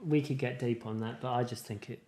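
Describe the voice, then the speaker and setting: A man's voice: mid-range voice, fairly even intonation, a little fast, warm tone. Man rambling in casual podcast chat. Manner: rambling, many fillers and restarts. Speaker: podcast co-host.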